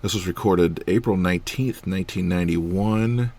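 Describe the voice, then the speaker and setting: Chatty male podcast co-host, thirties, very low voice, relaxed and rambling. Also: moderate pace. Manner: chatty, many ums, laughs easily. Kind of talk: casual chat.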